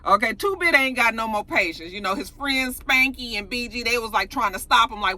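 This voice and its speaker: A young woman casually recapping a TV episode in a chatty, profane, animated way. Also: on the high side, fairly quick, hardly any pauses. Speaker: TV episode reviewer.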